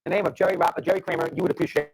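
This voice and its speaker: Male sports talker, fast and raspy, animated argument. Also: high voice, no echo. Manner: animated, argumentative, stumbles over words. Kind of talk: sports talk show debate.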